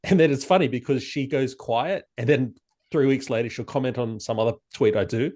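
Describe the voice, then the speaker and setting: Man, podcast guest, mid-pitched voice, lively, stumbling, jumps up when acting out others. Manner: animated, acts out quoted exchanges in raised voice; halting, frequent restarts. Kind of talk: casual podcast chat.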